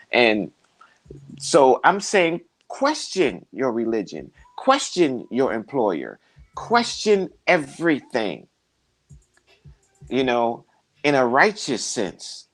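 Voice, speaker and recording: Animated man telling stories. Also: mid-range voice, slow. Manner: preachy, animated, acts out quoted people. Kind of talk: casual conversation, storytelling.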